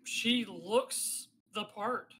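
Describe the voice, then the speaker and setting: A woman runs a tabletop game with a bright, clear voice. She narrates casually, with lots of fillers and small hesitations. Her tone stays conversational, not performed. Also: medium pitch, drawn-out words, a little hiss or hum, low-quality recording. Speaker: game master.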